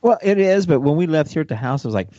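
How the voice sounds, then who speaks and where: A man's voice: a little high, animated, fast, dark tone, no echo. A man from Ohio co-hosting a radio show, joking and laughing through casual chat. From Ohio, USA. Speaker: co-host. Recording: slightly muffled dry sound.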